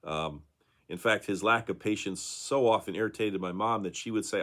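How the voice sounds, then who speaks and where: A man's voice: fairly low pitch, normal speed, fairly bright tone. A male pastor giving a conversational daily devotional talk, with frequent fillers and tag questions.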